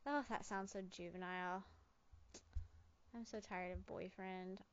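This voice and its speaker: Alone at home on a fancy studio microphone, a woman hosts a solo podcast, rambling loopily with goofy jokes, interrupting and correcting herself, and repeatedly saying "just kidding." Her mid-range voice is fairly even and a little slow, with a clean tone but lo-fi sound.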